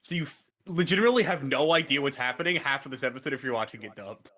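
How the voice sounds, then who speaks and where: A man's voice: medium pitch, expressive, racing, sharp tone. A man co-hosting a podcast, chatting casually and animatedly, cursing freely. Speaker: podcast co-host. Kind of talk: casual chat.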